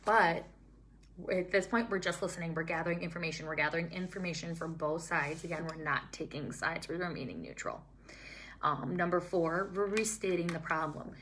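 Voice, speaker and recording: A young woman, a childhood teacher calmly explaining steps to colleagues. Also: lowish voice, normal speed, slight background noise. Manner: calm, steady, explains step by step. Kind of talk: scripted-feeling teaching talk to staff.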